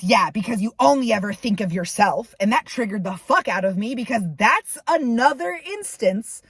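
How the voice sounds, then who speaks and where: A woman's voice: sits high, a bit bright, no echo. A woman venting to camera, ranting in heated, profane bursts about a falling-out. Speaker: vlogger. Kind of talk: angry personal venting to camera.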